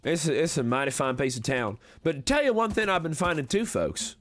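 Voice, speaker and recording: A smooth-talking frontier swindler , as a man puts him on for his stream, leaning into a thick Western drawl. His pitch rises and dips all over the place, lively and sing-song, selling every word like snake oil. Folksy patter in a game roleplay. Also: a little fast. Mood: scheming. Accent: put-on American Western drawl. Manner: folksy, wheedling salesman patter. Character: slick smooth-talking cowboy conman, adult male.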